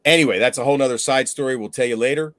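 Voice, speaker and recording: A man chatting on a fishing livestream, his voice sitting at a mid pitch. He tells stories with animated energy and drops the odd swear word. The sound is dry and close. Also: very fast, no echo. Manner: animated storyteller, swears casually. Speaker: fishing show host. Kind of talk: casual livestream chat.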